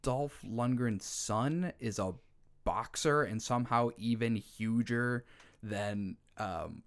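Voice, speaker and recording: A man co-hosting a casual podcast chat about movies, excitable and swearing freely. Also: medium pitch, slow pace, clean tone. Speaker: podcast co-host.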